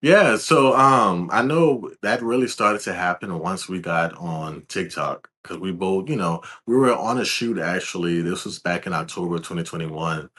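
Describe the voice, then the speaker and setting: A laid-back young man from Louisiana, answering interview questions as a guest in a calm, soft-spoken way. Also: sits low, normal speed, few pauses. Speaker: guest, videographer.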